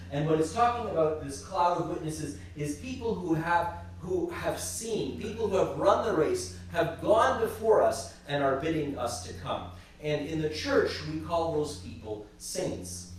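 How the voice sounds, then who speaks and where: A man's voice: a little high, lively intonation, distant mic, slight background noise. Man telling stories in an echoey church. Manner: halting, repeats words while retelling stories. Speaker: church teacher. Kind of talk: storytelling religious class talk.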